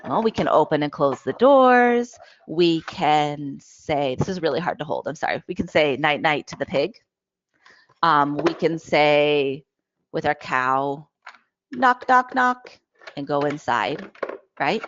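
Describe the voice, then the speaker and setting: A woman with a low voice gives a lively, hands-on talk about play, showing toys as she goes and often checking in with "right?". The audio is dull and lo-fi, with a dry, close sound. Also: unhurried, no echo. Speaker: presenter on play for young children, parent. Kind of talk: webinar talk with toy demonstrations.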